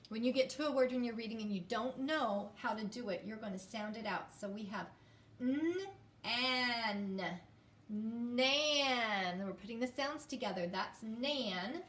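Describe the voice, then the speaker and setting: Woman teacher, phonics lesson for kids, slow careful sounding out, slightly high voice, echoey room. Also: distant mic. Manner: slow, drawn-out sounding out of words; encouraging, inviting children to repeat. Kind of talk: phonics lesson for young children.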